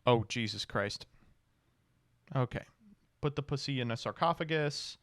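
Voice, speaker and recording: A streamer reading card text aloud in a casual review, stopping for blunt, swearing reactions. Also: male voice, medium pitch, unhurried, a bit bright, no room sound.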